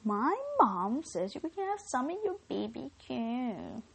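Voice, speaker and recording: A woman voicing a pushy young child who haltingly demands food in a raised voice. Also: a little high, big pitch swings, creaky, slightly rough, exaggerated voice. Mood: demanding.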